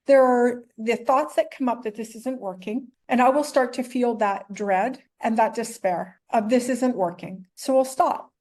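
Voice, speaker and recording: A middle-aged woman speaking as an interview guest, earnest and openly emotional. Her voice sits a bit high, and she keeps turning her points into rhetorical questions. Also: darkish tone. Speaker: podcast guest, entrepreneur. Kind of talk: candid interview answers.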